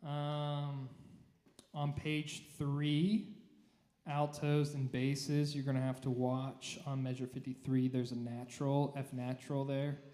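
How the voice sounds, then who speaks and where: A choir director leads rehearsal in a church room, talking through the notes and singing short demonstration phrases. The man's mellow, medium-pitched voice stays monotone and slow, and the room echoes.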